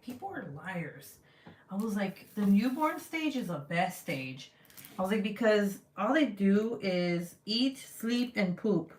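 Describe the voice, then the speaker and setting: A woman's voice: medium pitch, fairly bright tone. Chatty, laughing woman in an echoey room. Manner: chatty, profane, laughs often, quotes people in voices. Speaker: vlogger chatting with live viewers. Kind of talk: casual live-stream chat while crafting.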